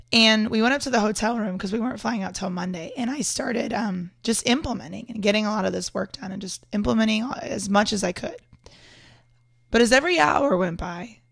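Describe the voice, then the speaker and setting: A hoarse woman, slightly sick, talking casually and earnestly to camera in a vlog, often restarting her sentences. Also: mid-range voice, no echo, studio quality. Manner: earnest, rambling, with frequent restarts. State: hoarse from illness. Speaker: podcast host and entrepreneur. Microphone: external microphone.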